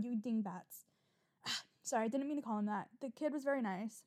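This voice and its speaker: Young woman, solo podcast host, rambling, animated, cusses freely, fairly high-pitched. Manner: animated, swearing, quick to get riled up.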